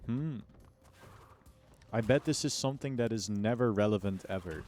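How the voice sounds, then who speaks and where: A man's voice: fairly low pitch, moderate pace, a little mellow, soft background music. A man streaming a video game, joking with chat, swearing and laughing often. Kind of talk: casual gaming stream chat.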